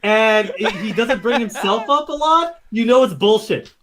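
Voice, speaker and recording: A man's voice: sits high, animated, unhurried, a crowd in the background. A man co-hosting a podcast, blunt and teasing, swearing freely in casual chat. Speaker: podcast co-host.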